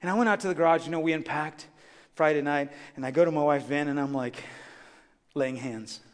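A middle-aged man preaching a sermon as a chatty, animated story with many asides to the congregation. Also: a little high, a little fast. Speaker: pastor. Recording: long hall reverb.

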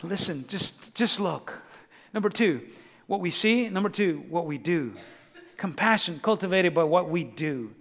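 Fervent high-voiced preacher in a reverberant hall. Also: male voice, lively intonation, unhurried, a bit bright. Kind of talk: sermon.

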